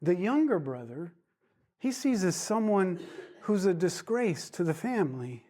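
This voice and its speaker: A male Bible teacher retells a parable in a storytelling manner, wandering off on side digressions before returning. His voice sits high for a man and he takes his time. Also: very animated, unhurried, mellow. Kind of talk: Bible study lesson.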